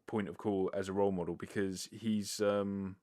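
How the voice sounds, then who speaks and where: Male solo podcaster, slightly low register, loose and sweary, talking close to the mic. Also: little pitch movement, moderate pace, warm tone. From United Kingdom. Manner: rambling, filler-heavy, swears casually. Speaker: podcast host. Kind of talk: casual solo podcast answering listener questions. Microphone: close sensitive microphone.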